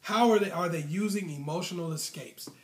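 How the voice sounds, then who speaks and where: A man's voice: fairly high pitch, fairly quick, reverberant. A man hosting a relationship advice video, talking casually and retelling clients' stories with lots of fillers.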